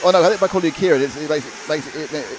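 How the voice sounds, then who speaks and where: A man's voice: a little high, rapid-fire, noisy background. A man co-hosting casual live race commentary, joking and rambling through banter with his co-host. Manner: jokey, rambling, animated banter. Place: indoor RC race track venue.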